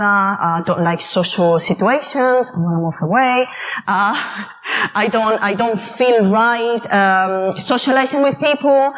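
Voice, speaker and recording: A woman giving a conference talk on mental health, telling personal stories in an animated way and acting out quoted voices. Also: fairly high pitch, poor audio. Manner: lively, animated storytelling with acted-out quotes. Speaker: conference speaker. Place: conference hall.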